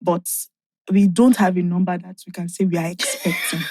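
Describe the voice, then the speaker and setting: A woman's voice: lowish voice, normal speed, no room sound, studio quality. A young woman, a podcast guest telling stories in casual chat and laughing often. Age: young adult. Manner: animated storytelling, laughing often. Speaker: podcast guest, event planner.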